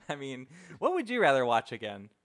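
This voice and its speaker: A young man co-hosts a casual movie podcast, animated and laughing often as he acts out characters' lines from the film. His voice is mid-range and his pace moderate.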